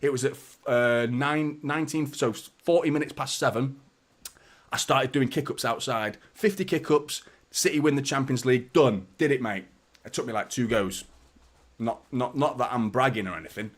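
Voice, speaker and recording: Bloke streaming a footy watchalong, chatty, greets the chat, swears a lot, medium voice. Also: male voice, mid-range voice, normal speed. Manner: chatty, greets viewers by name, swears casually. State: a little out of breath. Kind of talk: casual live stream chat.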